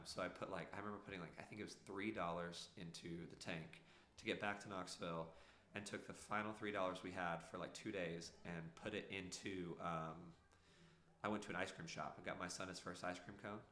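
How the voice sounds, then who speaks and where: Low-voiced man telling his story. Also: fairly even intonation, fairly quick, sharp tone, echoey room. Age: 30s. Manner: earnest, rambling with many fillers. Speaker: podcast guest. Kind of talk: casual storytelling.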